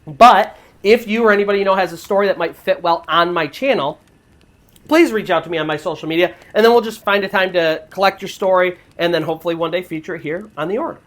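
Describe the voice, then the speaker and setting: A woman's voice: fairly low pitch, quick pace. A woman narrating a true paranormal story in a casual, chatty way, with many fillers like "like". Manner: chatty retelling with frequent "like" fillers. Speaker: storyteller host.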